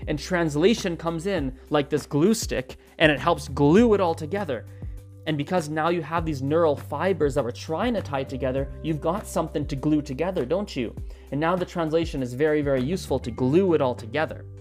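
Animated language coach, faint music behind. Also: medium pitch, brisk. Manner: animated, acts out little learner dialogues, repeats words while thinking. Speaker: language-learning video host. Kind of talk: casual explainer lesson.

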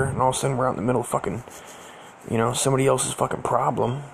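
A man's voice: mid-range voice, fairly even intonation, racing, vocal fry, a little hiss or hum. A young man telling a rambling, profane story in casual slang, full of fillers. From Southern California.

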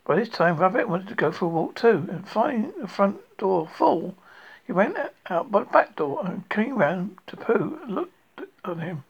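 Storybook reading, husky voice, unhurried, lo-fi sound. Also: mid-range voice, lively intonation. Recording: lo-fi recording.

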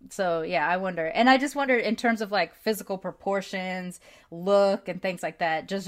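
Candid, animated woman telling stories. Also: fairly low pitch. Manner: candid, animated storytelling with frequent laughter and swearing. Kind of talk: casual chat.

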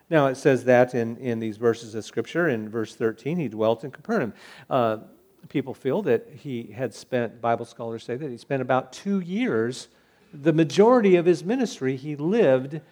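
Man preaching a casual sermon. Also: on the high side. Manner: conversational, with fillers and restarts. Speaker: pastor.

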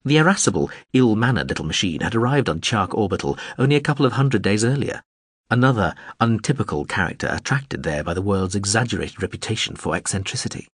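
A low, husky male narrator reading fiction with a lively, rolling pitch. The recording is dry and close, with no room around the voice. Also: no room sound. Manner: measured storytelling. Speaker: audiobook narrator. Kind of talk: scripted narration.

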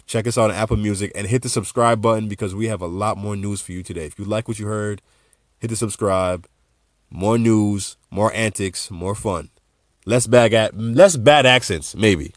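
A man hosting a podcast in a casual monologue, animated and joking, with laid-back asides. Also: on the low side, normal speed, no echo, studio quality. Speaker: podcast host.

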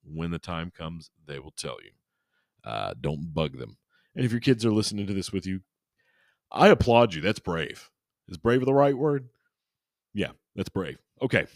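A man with a low voice hosts a paranormal podcast, retelling a strange story in a goofy, irreverent way. He rambles into jokes and asides. The sound is dry and close to the mic. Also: sing-song, moderate pace, long pauses, no room sound. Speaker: podcast host.

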